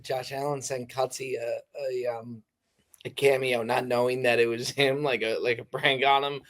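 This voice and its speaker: A man's voice: mid-range voice, level tone, normal speed, fairly bright tone. A man co-hosting a podcast, bantering casually and mocking himself. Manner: laughing, self-mocking banter. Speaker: podcast co-host. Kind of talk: casual chat.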